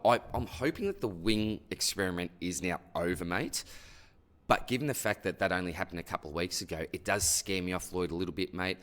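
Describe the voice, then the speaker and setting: A deep-voiced Australian bloke hosts a laid-back fantasy sports mailbag, answering listener questions in an easygoing, chatty way. He treats every listener like an old mate, slipping a friendly "mate" or "buddy" into almost every sentence.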